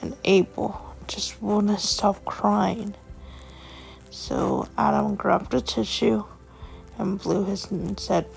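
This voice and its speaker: A woman's voice: mid-range voice, steady tone, vocal fry, faint music behind, rough recording. A woman telling a storybook tale dramatically, often correcting herself as she goes. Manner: slow, self-correcting, dramatic. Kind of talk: emotional storybook narration.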